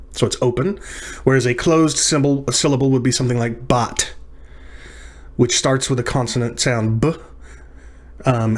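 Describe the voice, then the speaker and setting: A man teaching a recorded lesson at a mid pitch. He explains each term patiently, repeats words and restarts his sentences now and then. He speaks into a desk microphone for a screen recording. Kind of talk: recorded lecture practice session.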